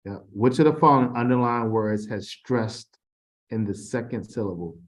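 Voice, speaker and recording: A man's voice: mid-range voice, normal speed. A man tutoring a student in a casual session, reading quiz questions aloud with frequent restarts. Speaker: TESOL instructor.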